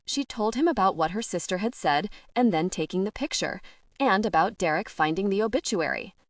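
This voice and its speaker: Woman reading an audiobook, even and steady, dry sound a bit far off. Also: mid-range voice, fairly quick, no echo. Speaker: audiobook narrator. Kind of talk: scripted narration.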